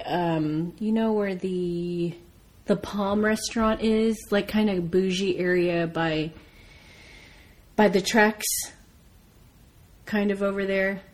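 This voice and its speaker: An American woman chatting casually, telling a lively story and swearing freely. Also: mid-range voice, slow pace. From United States. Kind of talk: casual chat.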